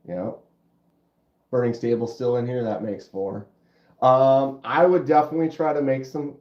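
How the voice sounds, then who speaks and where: A middle-aged man with a stuffy nose hosting a casual livestream, chatting with viewers in a laid-back, drawn-out way. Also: mid-range voice. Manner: laid-back, drawn-out, says dude and bro. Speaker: livestream host. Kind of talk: casual livestream chat reading comments. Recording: roomy, dull lo-fi sound.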